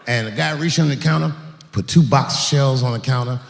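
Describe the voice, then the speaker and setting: A man performing profane stand-up comedy on stage, acting out stories with shouted sound effects. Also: medium pitch, fast talker, vocal fry. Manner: profane, animated, full of acted-out sound effects. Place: stage in a large hall. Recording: echoey hall, faint noise.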